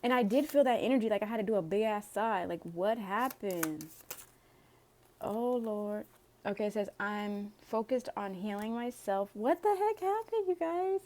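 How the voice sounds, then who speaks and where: A woman's voice: a little high, animated, unhurried, dark tone. A woman doing a casual tarot reading for viewers. She reads the cards aloud in a chatty way, with sighs and laughs along the way. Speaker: tarot reader.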